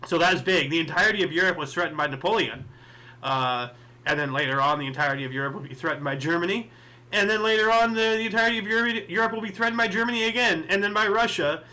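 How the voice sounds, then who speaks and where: A man's voice: sits high, fast talker, sharp tone. A man hosting a casual history podcast, reading dates and events and rambling into chatty asides with lots of fillers. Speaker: podcast host.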